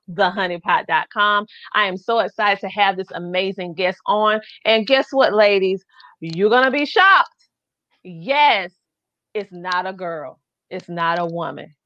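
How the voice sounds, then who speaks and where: Excited Southern woman hosting a show. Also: mid-range voice, no echo, lo-fi sound. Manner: excited, gushing, drawn-out emphasis. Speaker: host. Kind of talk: live online business show.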